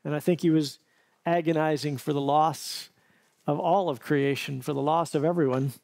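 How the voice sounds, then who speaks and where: Earnest storytelling male pastor, slightly high. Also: steady tone, moderate pace, vocal fry, a little mellow. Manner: storytelling, vivid and earnest, with self-corrections. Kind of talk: sermon.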